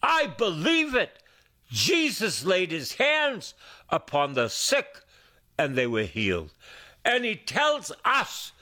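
A man's voice: huge pitch swings, sharp tone. A middle-aged man preaching a sermon as a priest, with emphatic repetition and wide swings of his voice. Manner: slow, sweeping pitch swings with emphatic repetition.

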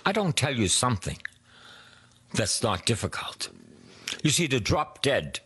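A man preaching a sermon, slow and emphatic, dropping to soft whispers for prayers. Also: medium pitch, very animated, husky.

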